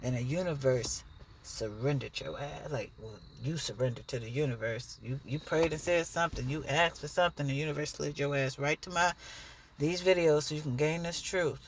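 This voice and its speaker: A woman's voice: low-pitched, a little hiss or hum. A woman giving a blunt, profane, preachy monologue straight to the camera in her own vlog. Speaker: dancer and vlogger.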